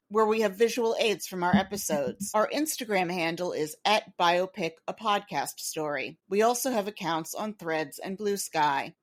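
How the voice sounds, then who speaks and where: Dry, low-voiced woman podcast co-host. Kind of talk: casual chat and scripted outro.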